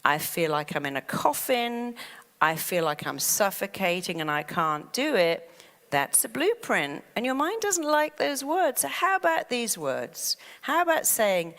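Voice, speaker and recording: A woman giving a motivational talk, animated, acting out fretful inner voices as she teaches. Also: mid-range voice. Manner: animated, acts out quoted worries in a fast fretful voice. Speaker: therapist and speaker. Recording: long hall reverb.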